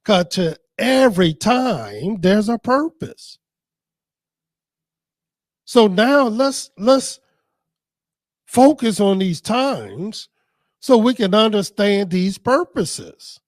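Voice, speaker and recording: A man teaching scripture in a deliberate, emphatic preaching manner. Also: high-pitched, sing-song, no echo, studio quality.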